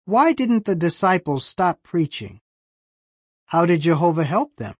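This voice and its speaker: A narrator reading a bible story lesson in slow, clear scripted storytelling. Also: mid-range voice, very animated, no echo, studio quality.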